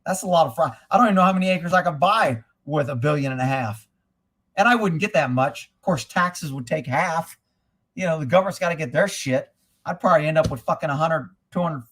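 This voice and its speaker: A man's voice: a little high, fairly bright tone, slightly rough. Profane man chatting on a livestream. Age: middle-aged. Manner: crude, blunt, joking, reads comments aloud. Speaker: livestream host reading chat. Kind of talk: casual profane livestream chat.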